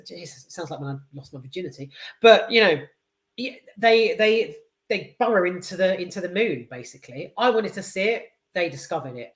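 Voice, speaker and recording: A woman gives a rambling film review. She swears and often trips over her words. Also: on the low side. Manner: rambling and animated, sweary, many hesitations. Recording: roomy echo.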